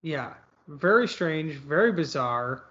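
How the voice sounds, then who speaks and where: High-voiced rambling man, lo-fi. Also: expressive, slow, fairly bright tone. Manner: rambling, hedging with fillers. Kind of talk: casual movie discussion. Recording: slightly dull lo-fi audio.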